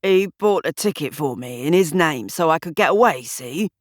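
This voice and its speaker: A woman plays a small-time thug in an audiobook. His voice is rough and low, slow and sheepish, with a worried undertone. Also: animated, no room sound, clean studio sound. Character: sheepish male street thug.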